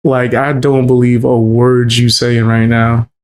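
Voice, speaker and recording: A man's voice: medium pitch, little pitch movement, measured pace, clean tone. A man streaming his reactions to a clip, talking bluntly and mockingly with lots of swearing. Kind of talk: casual reaction commentary.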